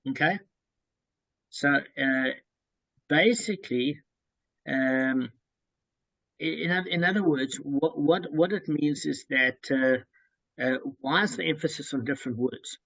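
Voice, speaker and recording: A man explains a Talmud passage to friends, walking through each point methodically and circling back with plenty of ums and restatements. His voice is gravelly and somewhat husky, sitting slightly high for a man. The sound is dry and close, with little room around it. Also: measured pace, long pauses, fairly bright tone, no echo, poor audio. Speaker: Talmud study leader. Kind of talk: explaining a Talmud text to a study group.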